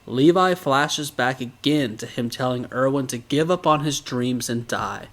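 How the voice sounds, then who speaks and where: A man co-hosting a podcast, recapping episodes in a casual, animated way and laughing often. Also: medium pitch, measured pace.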